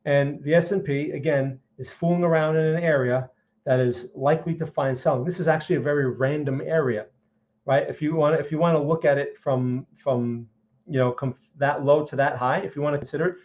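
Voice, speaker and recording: A man's voice: on the high side, a little fast, darkish tone. A man with a New York accent hosting a live market stream, blunt and opinionated, talking straight to his viewers. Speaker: market analysis streamer host. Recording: dull lo-fi stream audio.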